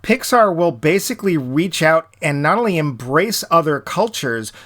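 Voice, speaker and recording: A man's voice: fairly high pitch, big pitch swings, normal speed, fairly bright tone. Joking man hosting a podcast. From United States. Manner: chatty, joking, laughs often. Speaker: podcast host. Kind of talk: casual chat.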